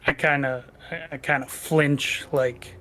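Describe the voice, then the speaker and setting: A man playing his character in a tabletop game, talking hesitantly with many pauses and fillers. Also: a little high, fairly even intonation, bright, forceful tone. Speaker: player.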